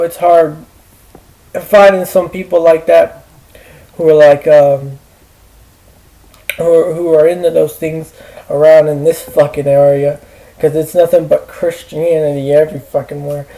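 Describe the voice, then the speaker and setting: A man ranting to camera in a rambling, profane way, halting with fillers and restarts. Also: fairly high pitch, vocal fry, warm tone, poor audio. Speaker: vlogger. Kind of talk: rambling personal rant.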